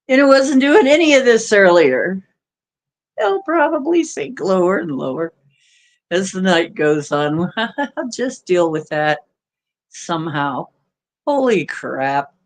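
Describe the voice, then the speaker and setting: Slow-talking, playful woman streamer. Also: lowish voice. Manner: playful, giggly, joking asides. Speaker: livestream host giving readings. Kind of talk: casual livestream chat.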